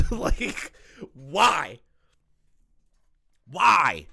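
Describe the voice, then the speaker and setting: A man's voice: fairly high pitch, very animated, extremely slow, creaky, long pauses, bright, forceful tone, no echo. A man hosting a reaction commentary, ranting, swearing and laughing often, his voice strained. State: strained voice, not back to normal. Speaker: commentary host.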